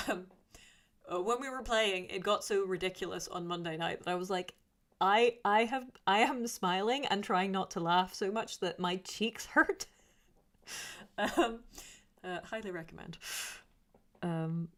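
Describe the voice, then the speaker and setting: A woman's voice: fairly low pitch, a bit bright. A woman streaming live in casual chat. She reads viewer comments aloud and rambles in answer, with many fillers and restarts. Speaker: YouTuber reading live chat.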